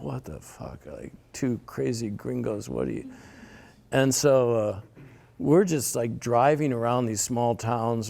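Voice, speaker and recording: A man's voice: medium pitch, gravelly, darkish tone. An older man telling a long personal story in a rambling conversational way, repeating words and laughing often. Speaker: interviewee.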